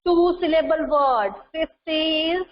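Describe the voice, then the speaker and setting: A woman English teacher with an Indian English accent, giving a lesson and repeating words slowly, switching into Hindi to explain. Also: high-pitched, a little hiss or hum. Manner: repetitive, drills words, mixes Hindi into English. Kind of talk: online class lesson. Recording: dull lo-fi sound.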